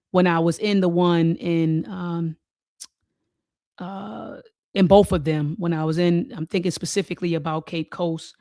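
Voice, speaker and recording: A woman's voice: sits low, a little mellow, no room sound, studio quality. A woman hosting a talk show, reading a document aloud and stressing key words, with casual asides to her viewers.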